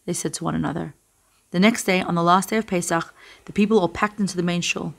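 A woman reading a story aloud for children, with a gentle, expressive storybook delivery. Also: lowish voice, quick pace, gravelly.

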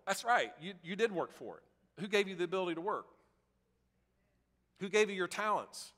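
A man's voice: sits high, expressive, a little fast, pauses often, fairly bright tone, in a large hall. A male pastor preaching a sermon in an emphatic, repetitive way, leading the congregation in call-and-repeat.

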